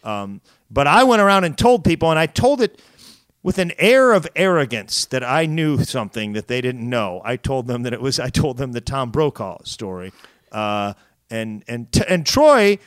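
A man's voice: on the high side, big pitch swings, normal speed, a bit bright, smooth, no echo, studio quality. A man co-hosting a podcast in casual chat, rambling and teasing. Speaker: podcast co-host.

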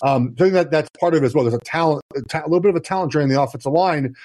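A man's voice: on the high side, rapid-fire, darkish tone, no echo. A man in his thirties with a slightly raised voice explains football plays in a casual chat. He restarts often and leans on "you know". The sound is close and dry. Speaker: guest, former NFL player.

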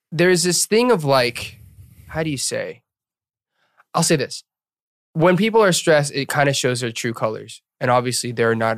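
A man's voice: medium pitch, fairly bright tone, no echo, studio quality. Easygoing man steering casual chat. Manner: easygoing, steers the conversation, reflective. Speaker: podcast co-host.

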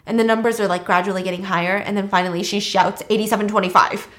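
A woman's voice: medium pitch, steady tone, fast. A woman casually retelling a film's plot with chatty, slangy asides and laughs. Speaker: storyteller host.

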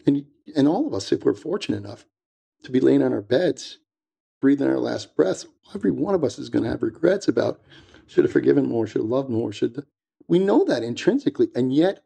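An older man speaks as a podcast guest, his voice deeply gravelly and warm. He tells family stories in an earnest, reflective way, like a practiced public speaker, with an even, middle pitch. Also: brisk. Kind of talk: casual podcast conversation.

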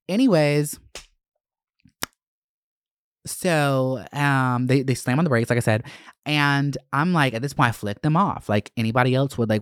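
A man hosting his own podcast, telling a story in a loud, dramatic, profane way that jumps up in pitch for emphasis. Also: measured pace, smooth, dry recording, studio quality. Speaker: podcast host. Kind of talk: casual solo monologue.

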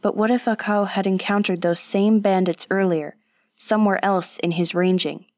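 A woman narrating a novel as an audiobook, in a measured, even storytelling manner. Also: medium pitch, no room sound, studio quality. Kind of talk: scripted narration.

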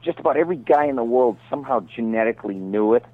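A middle-aged man, a voice actor guest, telling rambling showbiz stories over the phone and slipping into quick impressions. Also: medium pitch, animated, no room sound. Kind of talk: casual phone interview. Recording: tinny phone line.

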